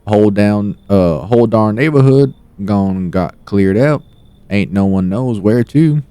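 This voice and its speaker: A man's voice: lowish voice, a little slow, mellow, clear, resonant tone, no room sound, voice pushed up, lightly acted. A man voicing an evicted, wary Southern woman with a folksy Southern US drawl who calls people darling.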